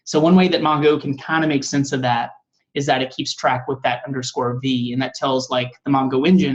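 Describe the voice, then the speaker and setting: A man's voice: medium pitch, fairly even intonation, a little fast. Man lecturing through a muffled lo-fi recording. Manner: rambling, frequent "like" and "uh" fillers. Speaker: coding instructor. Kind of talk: classroom lecture.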